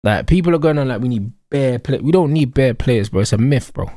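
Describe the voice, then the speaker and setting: This is studio-quality audio with no room sound: a young Londoner with a dark-toned, mid-range voice, animated and brisk, casually ranting about football during a live stream. Slang and recurring catchphrases fill his emphatic, repetitive delivery.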